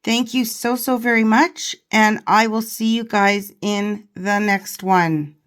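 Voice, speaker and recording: A woman hosting a casual online commentary, her voice hoarse from overuse, chatting and laughing often. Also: medium pitch, steady tone, slow pace, a bit bright.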